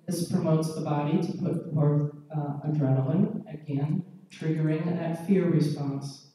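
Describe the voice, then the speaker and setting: Slow, dark-voiced woman lecturing. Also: low-pitched, steady tone. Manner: measured, explanatory, frequent checks with the audience. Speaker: pediatrician giving a conference lecture. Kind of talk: conference lecture. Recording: echoey hall, mic far off.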